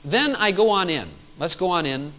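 A man delivers a sermon from the pulpit in a high voice. His pitch leaps and dips freely as he preaches. He keeps the congregation engaged with rhetorical questions. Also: expressive, moderate pace, bright, forceful tone, poor audio. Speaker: pastor.

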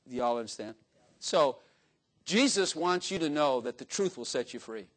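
A man's voice: a little high, sing-song, moderate pace, fairly bright tone. Folksy, joking older male preacher. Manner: folksy, joking preacher acting out little dialogues with shifting voices. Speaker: pastor. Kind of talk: sermon.

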